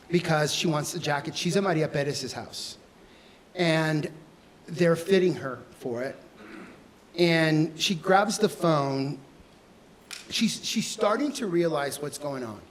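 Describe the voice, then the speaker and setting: A man, a fashion designer, answering audience questions with candid, animated storytelling and acted-out dialogue. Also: on the high side, a little hiss or hum. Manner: animated, acts out quoted dialogue.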